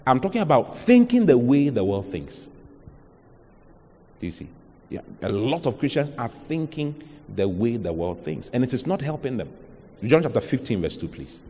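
A man with a Ghanaian accent delivers an emphatic sermon at a mid-range pitch, throwing rhetorical questions at his listeners. His voice carries a long reverb from the hall around him. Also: very animated, moderate pace, mellow, slightly rough. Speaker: pastor.

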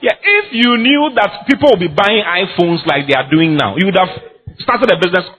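A man's voice: sits high, expressive, a little fast, fairly bright tone. A man preaching a sermon as pastor, emphatic and repetitive, often laughing as he speaks.

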